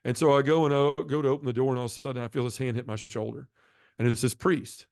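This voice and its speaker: A man's voice: medium pitch, fairly even intonation, quick pace, darkish tone, no echo, clean studio sound. A middle-aged man sharing his personal testimony as an interview guest, telling his story in an earnest, heartfelt way.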